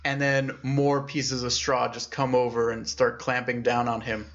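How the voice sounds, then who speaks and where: A young man co-hosting a podcast, casually retelling a scary story and voicing its characters with lively shifts in pitch. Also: unhurried, highs cut off. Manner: animated storyteller, acts out characters with raised pitch. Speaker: podcast co-host.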